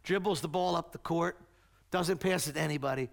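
A man preaching a sermon, telling a story and acting out the shouting voices in it. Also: on the high side, fairly quick, gravelly. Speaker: pastor.

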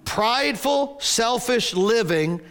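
A man's voice: very high-pitched, animated, slow pace, a bit bright. A man in his sixties preaching a sermon as a pastor, telling a story animatedly and often stumbling over restarts.

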